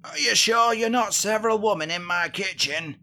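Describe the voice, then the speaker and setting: A man's voice: high voice, normal speed, bright, forceful tone, exaggerated voice. A man playing a forgetful, needy old husband who keeps calling for his wife in a comedy podcast sketch. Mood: whiny.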